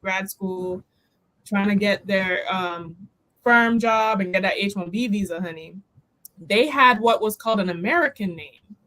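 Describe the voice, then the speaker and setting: A woman's voice: mid-range voice, fairly bright tone, poor audio. Sassy woman guest calling people honey. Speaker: panel guest. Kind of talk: casual panel discussion.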